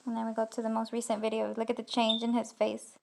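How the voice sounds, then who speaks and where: A woman runs a reaction video in a scornful, accusatory rant that rambles from one charge to the next. Her slightly high voice has a gravelly, fried edge, and she keeps her pitch flat as she talks. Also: fast, a little hiss or hum. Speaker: YouTube commentator.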